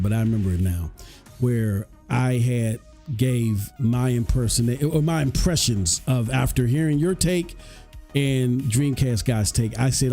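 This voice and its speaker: A man's voice: medium pitch, mellow. A man in casual chat who mostly listens with short agreements, then gives his own take. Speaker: podcast host.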